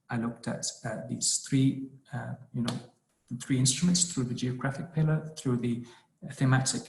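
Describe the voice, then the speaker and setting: A man presents a policy analysis on a webinar call, pausing often and restarting his sentences. His pitch stays flat and even the whole time, and the sound carries a roomy echo. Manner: hesitant, many ums and restarts. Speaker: policy researcher presenting a brief. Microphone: video call.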